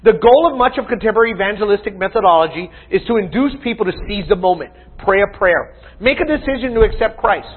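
A man's voice: sits high, animated, quick pace, husky. A man preaching a sermon as pastor, teaching with emphatic questions to his congregation. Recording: tinny phone-like sound.

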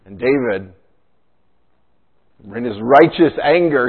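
A man's voice: medium pitch, lively intonation, unhurried, long pauses, breathy edge. A man preaching a sermon and tossing in rhetorical questions and a frequent "right?". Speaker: pastor. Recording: tinny phone-like sound.

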